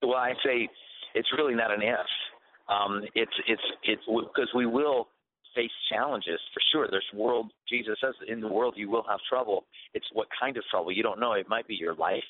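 A man's voice: fairly low pitch, moderate pace. A man speaking as a guest on a Christian radio talk show, earnest and preachy, often repeating words as he restarts. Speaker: guest author on Christian faith. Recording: narrow phone-like radio sound.

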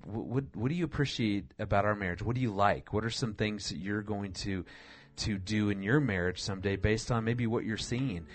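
A husband as a guest on a talk show, speaking earnestly with frequent restarts. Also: male voice, on the low side, breathy edge. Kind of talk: conversational interview.

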